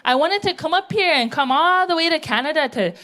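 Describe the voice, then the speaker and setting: Woman stand-up, middle-aged, blunt and brash, pitched a bit high, stage mic in a theatre. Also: animated, fairly quick, sharp tone. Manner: blunt, brash, tell-it-how-it-is. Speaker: stand-up comedian. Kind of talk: stand-up comedy set. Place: theatre stage, live audience.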